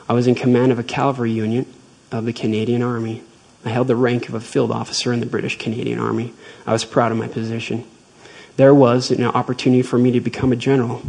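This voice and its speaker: A man giving a devotional talk, retelling a personal faith story in a measured, earnest way. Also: mid-range voice, a little mellow, breathy edge, rough recording.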